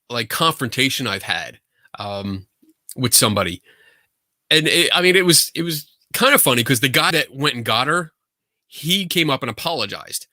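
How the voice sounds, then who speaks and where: A man hosting a podcast, telling a story in a casual, animated, rambling way from a home setup. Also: medium pitch, no echo, studio quality. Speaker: podcast host. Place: home setup for a virtual show.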